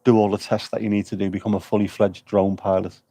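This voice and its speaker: A man banters and rambles through a casual livestream, cracking jokes as he goes. His voice sits low and mellow, with a dry, close sound. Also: level tone, quick pace, no echo. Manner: jokey, rambling banter with chat. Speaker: vlogger livestreaming at an air show. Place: outdoors at an air show.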